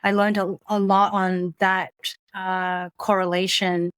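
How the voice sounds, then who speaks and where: A woman guest telling a personal story in a halting, reflective way, with frequent restarts and soft laughs. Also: medium pitch, level tone, clear, resonant tone, no echo. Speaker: podcast guest.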